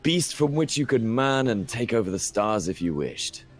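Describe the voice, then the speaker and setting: A man's voice: mid-range voice, big pitch swings, normal speed, voice pushed up, lightly acted. A man with a British accent voicing a charming male ship salesman in polite, formal sales patter. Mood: courteous.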